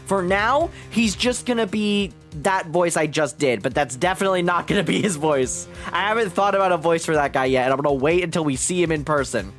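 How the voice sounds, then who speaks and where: A man's voice: high voice, a bit bright. A man streaming a game, chatty and thinking aloud, swearing freely as he works out character voices. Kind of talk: casual game stream commentary.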